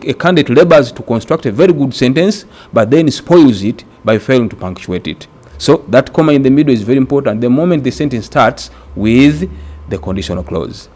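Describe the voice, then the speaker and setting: A man from Uganda teaching an exam-prep grammar lesson, speaking deliberately and repeating words for emphasis. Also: medium pitch, darkish tone.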